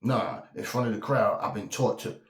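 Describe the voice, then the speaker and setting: A man's voice: medium pitch, fairly even intonation, moderate pace, echoey room. A man, ranting emphatically and profanely as host of a boxing talk channel, often repeating himself. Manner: profane, emphatic, repeats himself, slips into mocking quoted voices. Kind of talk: heated casual rant.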